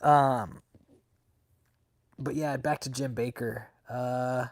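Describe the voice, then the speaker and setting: A man's voice: mid-range voice, fairly even intonation, drawn-out words. A man hosting a casual livestream, talking to his chat in a profane, mocking way and laughing often. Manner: greets chat viewers by name. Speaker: livestream host.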